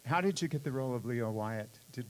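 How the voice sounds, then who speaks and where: A man's voice: medium pitch, animated, brisk, a little hiss or hum, poor audio. A man moderating a convention panel, reading prepared questions and adding brief reactions. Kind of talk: interview questions.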